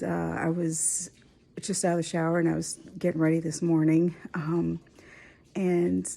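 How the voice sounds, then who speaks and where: A woman in her forties speaking in a personal vlog, tearful and soft, often dropping to a whisper. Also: sits low, vocal fry, breathy edge. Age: 40s. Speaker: vlogger.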